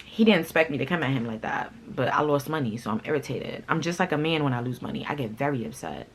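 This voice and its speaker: Husky low-voiced woman vlogging a story, blunt and animated, cusses a lot. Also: fast talker, few pauses, rough recording. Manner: blunt, animated, swears freely. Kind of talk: casual storytime.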